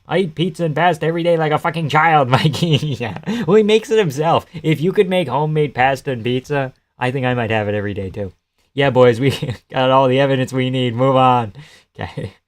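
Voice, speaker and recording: A man's voice: medium pitch, a little fast. Joking, foul-mouthed male streamer. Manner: joking, swears freely, reads and answers chat. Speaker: live streamer. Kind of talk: casual live-stream fight commentary.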